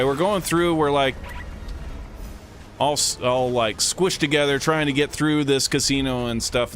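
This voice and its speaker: Sitting inside a vehicle with music playing, a vlogger tells a loose, profane story stuffed with "like" and "dude." His voice is mid-range and a bit bright.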